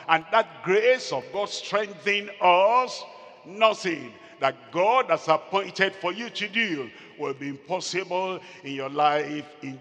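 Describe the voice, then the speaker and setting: A male pastor preaching a sermon, slow and emphatic, repeating phrases and calling out to the congregation. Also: high voice, a bit bright. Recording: long hall reverb.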